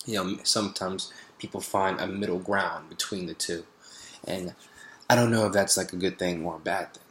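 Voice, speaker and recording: Hesitant low-voiced man in an echoey room. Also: steady tone, normal speed, fairly bright tone. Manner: hesitant, many fillers and restarts. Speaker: vlogger practicing accents. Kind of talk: reflective spoken video diary.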